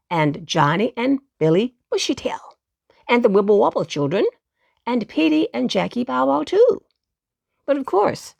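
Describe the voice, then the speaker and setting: A woman reads a children's bedtime story aloud in a gentle, expressive way, turning to the listener with playful asides. She speaks slowly, her pitch rises and falls, and a slight gravel runs through her voice. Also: no room sound, clean studio sound.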